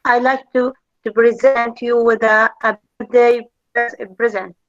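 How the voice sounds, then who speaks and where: A woman's voice: a little high, little pitch movement, unhurried. A female student explaining tentatively in an online class, stumbling over her words. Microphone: video call. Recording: muffled video call audio.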